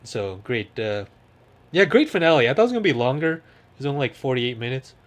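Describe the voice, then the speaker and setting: A man's voice: medium pitch, sing-song, brisk. Easygoing man chatting about shows. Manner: rambling, laughs often, breaks into movie quotes. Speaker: podcast co-host. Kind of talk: casual chat.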